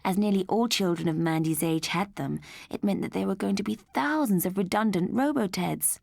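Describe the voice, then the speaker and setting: Gentle woman reading a story. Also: on the low side, a little fast, vocal fry, hardly any pauses, no room sound, clean studio sound. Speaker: audiobook narrator. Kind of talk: storybook narration.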